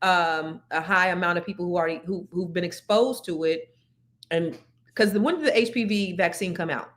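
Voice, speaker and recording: A woman's voice: on the low side, moderate pace. A woman co-host in casual chat, reacting often and asking frank questions.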